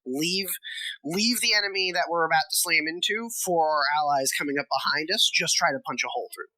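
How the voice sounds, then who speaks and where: Bright-voiced role-player, polite. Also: medium pitch, brisk, no room sound, low-quality recording. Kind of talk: tabletop game chat.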